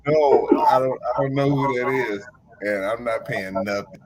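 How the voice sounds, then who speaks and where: Animated forty-something man telling stories. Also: medium pitch, unhurried, a little hiss or hum, rough recording. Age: 40s. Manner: animated storytelling, laughs often, acts out callers. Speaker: podcast host. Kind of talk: casual chat.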